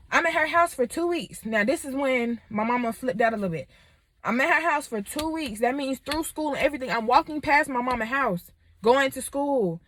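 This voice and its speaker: A woman in her twenties telling a personal story in a candid, animated way. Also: a little high, no room sound. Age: 20s. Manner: candid and animated, lots of fillers. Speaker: vlogger.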